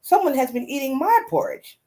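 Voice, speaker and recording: A mild mother bear in a storybook, as a woman puts her on. Her sing-song voice sits higher than the reader's own and moves up and down a lot. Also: lively intonation, fairly quick, warm tone. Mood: puzzled.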